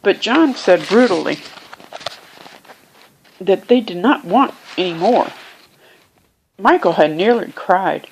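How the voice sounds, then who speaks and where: A woman reading a children's classic aloud, unhurried, lifting her voice for the characters and pausing now and then to find her place or explain a word. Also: medium pitch, lively intonation, slight background noise, rough recording. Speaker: reader. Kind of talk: amateur audiobook reading.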